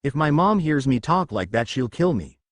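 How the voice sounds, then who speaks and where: A man's voice: mid-range voice, sing-song, moderate pace, no room sound, clean studio sound. A man voicing an eager, brash young male hero in a read-aloud fan story.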